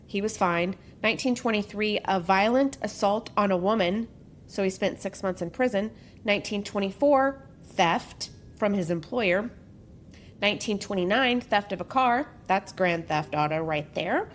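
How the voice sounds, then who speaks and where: A woman's voice: mid-range voice, moderate pace, a little hiss or hum. A woman hosting a podcast, reading a true-crime story in a casual way and breaking off for joking asides. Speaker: podcast host.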